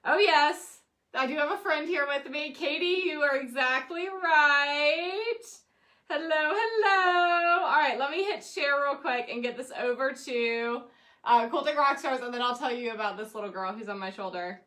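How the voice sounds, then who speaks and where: A woman's voice: high voice, moderate pace, bright, forceful tone. A woman teaching a quilting class, chatting casually on a live stream and cheerfully greeting viewers by name in a sing-song way. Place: home room with balloons behind her.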